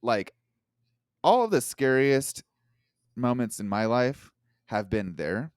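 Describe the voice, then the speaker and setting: A man's voice: medium pitch, slow, no echo, clean studio sound. A man guesting on a podcast, chatting casually and playfully mimicking people he met. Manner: lively, playful voices for quotes. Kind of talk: casual interview chat.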